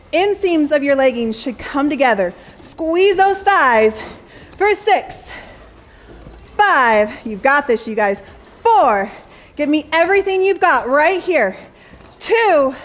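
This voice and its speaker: A young adult woman teaching a Pilates jump board class, counting reps and cheering, a little out of breath. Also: sits high. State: slightly out of breath. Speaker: Pilates instructor. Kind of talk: fitness class cueing.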